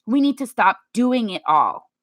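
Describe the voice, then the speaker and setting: A vlogger in her thirties delivers an emphatic, animated motivational talk to her viewers, acting out little quotes along the way. Her voice is fairly high, her pace measured, and the recording has no echo.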